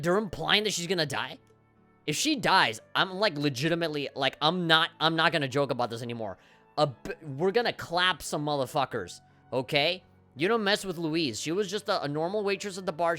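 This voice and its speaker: A man streaming a game live, reacting in an excitable, profane way and reading the on-screen dialogue aloud. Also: on the high side, brisk, faint music behind. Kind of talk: casual live gameplay commentary.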